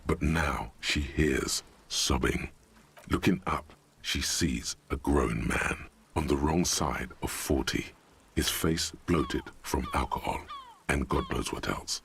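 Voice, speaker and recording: A very deep, gravelly narrating voice drawls each line slowly. It is the stern, wry inner voice of a video game hero, dry and commanding. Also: male voice, a bit bright, a little hiss or hum, heavily acted. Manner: slow, dry, commanding delivery.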